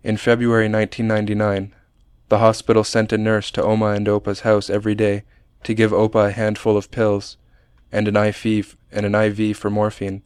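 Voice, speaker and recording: Man reading his memoir out loud, low voice, pretty flat, smooth and dry. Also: no echo. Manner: measured, plain, understated reading. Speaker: narrator. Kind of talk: reading a personal memoir aloud.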